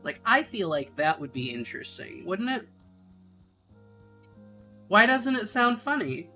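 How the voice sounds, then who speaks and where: A woman's voice: medium pitch, very animated, a little slow, pushed and bright. A woman streaming a game, chatting casually and joking with her viewers. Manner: chatty, joking, easily amused. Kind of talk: casual live-stream chat. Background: faint background music.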